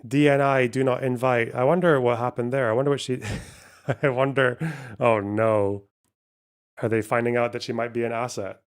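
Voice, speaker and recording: A man's voice: medium pitch, fairly even intonation, normal speed, clear, resonant tone. Profane, sardonic male streamer. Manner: profane, sardonic, thinking aloud. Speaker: streamer host. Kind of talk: casual live-stream commentary.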